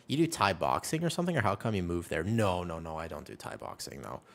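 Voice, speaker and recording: A man chatting casually with his viewers while streaming a game, telling stories in an animated way. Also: sits low, quick pace, gravelly.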